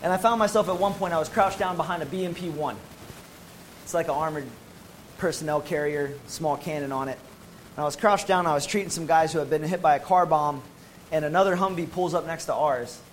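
Animated American man telling a war story. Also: a little high, brisk, slight background noise, rough recording. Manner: animated, emphatic storytelling with casual slang. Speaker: former Marine medic telling his story. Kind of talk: personal testimony to an audience.

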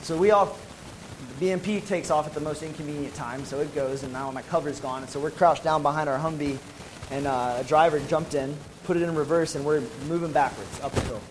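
An American man tells his own story to a live audience, with emphatic, animated delivery and easy slang. His voice sits a little high for a man. He pushes hard on the key moments. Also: brisk, a little hiss or hum, poor audio. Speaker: former Marine medic telling his story. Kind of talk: personal testimony to an audience.

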